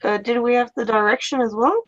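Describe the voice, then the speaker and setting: High-pitched woman player, slow and hesitant, on muffled lo-fi audio. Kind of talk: casual tabletop play. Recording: dull lo-fi audio.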